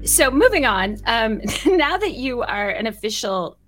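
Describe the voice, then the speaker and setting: A woman's voice: on the high side, big pitch swings, measured pace, a bit bright, faint music behind. Rambling, friendly woman podcast host. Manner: friendly, rambling, many ums and laughs. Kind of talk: casual podcast interview.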